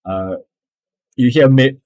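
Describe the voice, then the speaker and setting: A man narrating as game master of a tabletop game, halting and laughing often. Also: medium pitch, darkish tone, dry recording.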